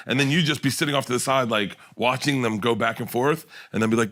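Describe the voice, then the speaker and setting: A middle-aged man spinning long stories on a podcast, a comedian guest who acts out each person he quotes. His pitch sits in the middle for a man, and his telling is loose and lively. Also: quick pace, few pauses. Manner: animated storyteller acting out quotes. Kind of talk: casual podcast storytelling.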